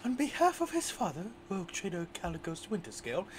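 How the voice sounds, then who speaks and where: Brief: a player putting on a grand, formal noble figure, pitch swinging wildly, noisy voice chat. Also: huge pitch swings, fast.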